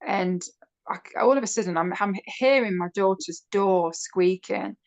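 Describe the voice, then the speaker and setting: A middle-aged woman, chatty and animated, telling a personal story as a podcast guest. Her pitch sits in the middle of the female range, and she rushes and slows as the story builds. She is heard over a video call. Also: gravelly. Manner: chatty, animated when quoting others. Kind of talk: casual storytelling interview.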